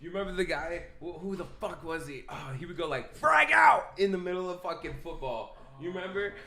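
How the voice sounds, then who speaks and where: A man's voice: a little high, fairly quick, a bit bright. Man, podcast co-host, casual storytelling, profane, laughing.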